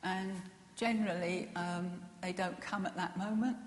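A woman gives a gentle, earnest personal testimony, pausing often with fillers and soft laughs. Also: lowish voice, steady tone. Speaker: speaker sharing a personal testimony. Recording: echoey hall with long reverb.

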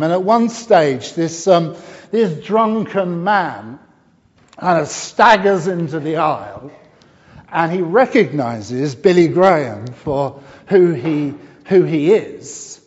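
A middle-aged man preaching a sermon in a church, telling stories and often pausing with fillers and restarts. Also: fairly high pitch. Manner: warm storytelling with frequent fillers and restarts. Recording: dull sound with long hall reverb.

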